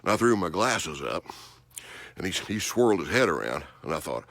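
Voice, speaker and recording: A man hosting a hunting show, telling a story in an animated, emphatic way with frequent restarts. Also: low-pitched, moderate pace, no echo. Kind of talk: storytelling monologue.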